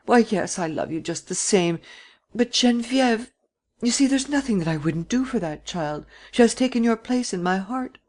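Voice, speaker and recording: A man voicing a tearful, anxious old woman who protects her granddaughter, pleading in a high, trembling voice, in an audiobook reading. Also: animated, moderate pace, darkish tone.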